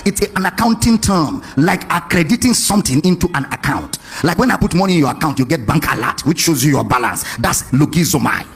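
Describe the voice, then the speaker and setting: Animated high-voiced preacher. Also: male voice, brisk, creaky, few pauses, slightly rough. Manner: animated, questions the congregation, sing-song emphasis. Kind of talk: lively sermon.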